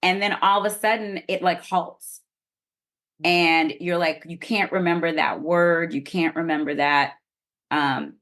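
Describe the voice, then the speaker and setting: Low-voiced woman explaining earnestly. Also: fairly bright tone. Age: middle-aged. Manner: earnest, explanatory, personal stories. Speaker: guest menopause expert. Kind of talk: podcast interview.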